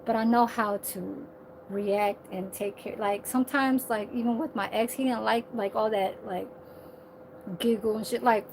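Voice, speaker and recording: A woman with a high voice rants to her phone camera in a casual vlog. She talks animatedly, swears freely and leans on filler words. A faint hiss of background noise sits under her voice. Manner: animated, heavy profanity, lots of filler. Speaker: vlogger.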